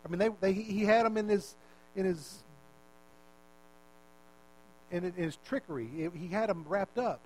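High-voiced male preacher. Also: fairly quick, a little mellow, poor audio. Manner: conversational, repeats words, asks the listeners questions. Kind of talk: sermon.

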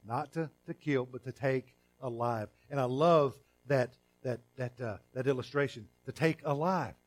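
Here a middle-aged man of medium pitch preaches as pastor, talking conversationally with restarts and repetitions. He shifts between emphatic, loud statements and hushed, elongated phrases.

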